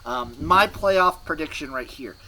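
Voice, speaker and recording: A man's voice: a little high, animated, unhurried, pushed and bright, rough recording. A man hosting a sports podcast, rambling in scattered, clipped fragments and laughing at himself. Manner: scattered, fragmented, self-mocking. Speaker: podcast host.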